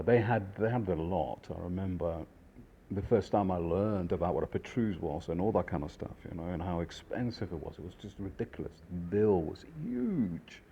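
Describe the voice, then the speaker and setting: A man, a chef, telling stories from his career in a rambling, animated way with many fillers. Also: deep voice, dull audio, a little hiss or hum. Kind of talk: casual storytelling.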